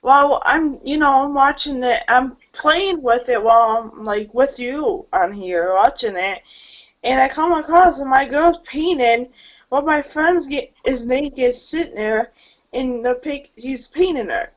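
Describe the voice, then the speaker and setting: A woman's voice: high-pitched, unhurried, highs cut off. A young woman chatting casually with a friend, giggly and rambling. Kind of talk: casual chat.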